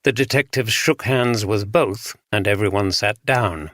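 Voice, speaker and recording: A man reading a mystery audiobook in a measured, scripted narration. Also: lowish voice, a bit bright, dry recording, clean studio sound.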